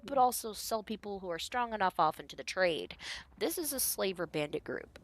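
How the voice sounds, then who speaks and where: A woman's voice: medium pitch, animated, brisk, fairly bright tone. A woman narrating a tabletop game as game master in a casual, rambling way. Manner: casual, lots of fillers.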